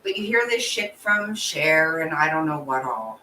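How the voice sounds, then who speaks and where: A woman's voice: sits low, expressive, normal speed, bright, forceful tone. A woman host chatting casually with her viewers, blunt and emotional, swearing freely as she answers their comments. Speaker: channel host. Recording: roomy echo, distant from the mic, faint background noise.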